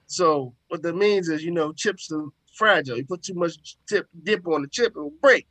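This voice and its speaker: Southern guy chatting on a podcast, kinda high voice, real dry close mic, easygoing. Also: normal speed, a bit bright, dry recording. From American South. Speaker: podcast co-host. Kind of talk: casual chat.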